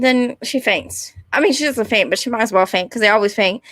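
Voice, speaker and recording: A woman's voice: fairly high pitch, a little fast, few pauses, fairly bright tone, no echo, studio quality. A young woman, ranting casually and rambling, often apologizing and putting herself down. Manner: rambling, apologetic, self-deprecating. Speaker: vlogger.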